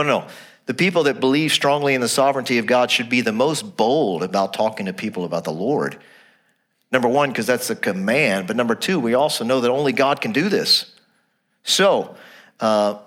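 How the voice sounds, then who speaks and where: Animated male pastor preaching. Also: medium pitch, moderate pace. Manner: animated preaching, repeats phrases, asks rhetorical questions. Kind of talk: sermon.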